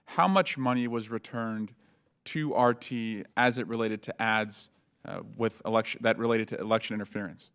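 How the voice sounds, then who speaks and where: A man in a hearing room questions witnesses with a smooth, resonant voice. He speaks at a measured pace, pausing often to gather his words. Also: on the low side, a bit bright. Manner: measured questioning with frequent uh fillers.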